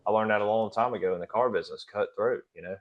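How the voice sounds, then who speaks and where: A man with a fairly low voice talks about his business as a guest in a casual podcast conversation. He is easygoing and plainspoken, and the recording sounds slightly dull and lo-fi. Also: fast talker. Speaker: guest, pressure washing business owner.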